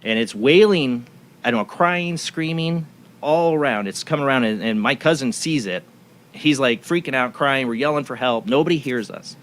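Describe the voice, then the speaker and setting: Chatting casually on his radio show, the host tells a personal story that rambles and keeps restarting. His voice sits in the mid range, with a fairly bright tone and a normal speed.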